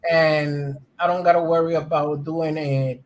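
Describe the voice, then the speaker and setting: A man's voice: a little high, little pitch movement, a little slow. A man hosting a casual crypto live stream over a voice call, speaking in a laid-back way and laughing easily. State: voice changes easily, sometimes strained.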